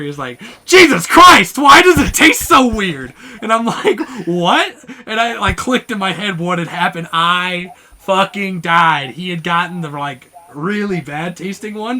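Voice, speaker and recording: High, bright-voiced young man telling stories. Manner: animated storyteller, acts out quotes loudly, laughs often. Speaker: podcast host. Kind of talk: casual chat.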